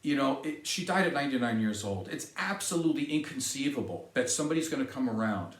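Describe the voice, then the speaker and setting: A man's voice: mid-range voice, lively intonation, fast talker. Ranting man in an echoey room. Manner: ranting, indignant, sarcastic. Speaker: podcast host. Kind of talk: solo monologue to camera.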